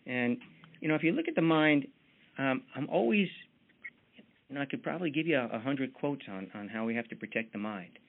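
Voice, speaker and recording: A man's voice: mid-range voice, lively intonation, fairly quick, gravelly, slight background noise. A man leading a motivational team mentoring call in a folksy, chatty manner, full of fillers, heard over tinny call audio.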